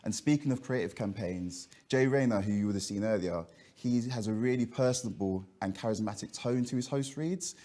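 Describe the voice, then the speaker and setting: A man, head of advertising sales, explaining ad options on a business panel in a steady way. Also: fairly low pitch.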